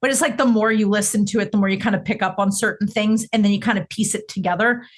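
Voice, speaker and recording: A woman's voice: medium pitch, fast talker. Chatty young woman podcast co-host. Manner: chatty and expressive, with frequent fillers. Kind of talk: casual chat.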